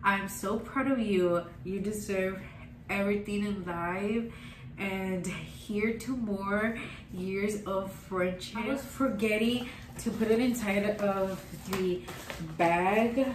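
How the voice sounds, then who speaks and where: A woman's voice: medium pitch, fairly even intonation, takes it slowly, reverberant, recorded from a distance, background noise. A young woman, gushing sentimentally as she talks to camera in a casual vlog. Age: young adult. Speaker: vlogger.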